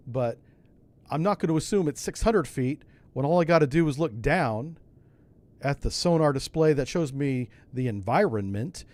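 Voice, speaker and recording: A man's voice: fairly high pitch, darkish tone. A man giving casual commentary as he plays a submarine game, talking himself through each step in a folksy way with asides. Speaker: streamer playing a submarine game.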